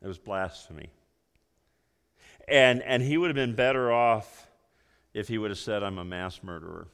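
A man preaching a sermon, emphatic, swinging between loud emphasis and hushed low passages. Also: a little slow, clean tone, in a large hall. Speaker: pastor.

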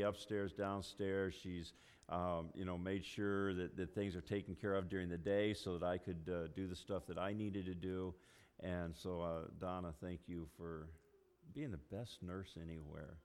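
Pastor, male, lowish voice, halting sermon delivery with restarts, long church reverb. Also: clear, resonant tone. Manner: halting, with many fillers and restarts. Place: church sanctuary.

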